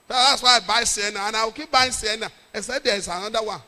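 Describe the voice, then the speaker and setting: A middle-aged Nigerian man, a pastor, telling a lively story in a sermon with jokes and pidgin. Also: high voice, fairly quick, few pauses, in a large hall.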